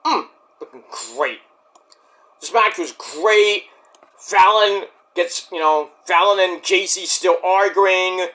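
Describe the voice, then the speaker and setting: A man giving a casual, rambling recap of a show, excitable and profane. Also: sits high, slow pace. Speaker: wrestling show reviewer.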